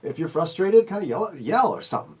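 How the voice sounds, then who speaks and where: A man's voice: high-pitched, very animated, a little fast. A man hosting a radio show, talking in an easygoing, teasing and reflective way in casual chat. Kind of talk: casual live-stream chat.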